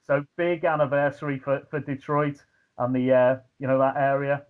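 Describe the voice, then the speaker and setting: A man's voice: medium pitch, moderate pace. A man with a Liverpool accent, a guest ring announcer, telling stories in casual chat with lots of fillers, over a video call. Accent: Scouse. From Liverpool, England. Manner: animated anecdotes with frequent fillers and shouted impressions. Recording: tinny phone-like line.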